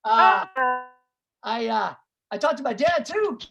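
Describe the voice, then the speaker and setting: A woman's voice: fairly high pitch, animated, slow, gravelly, fairly bright tone, faint music behind. A woman stand-up comedian telling brash, profane stories on a club stage into a handheld mic. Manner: brash, profane, punchy storytelling. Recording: live club with crowd laughter.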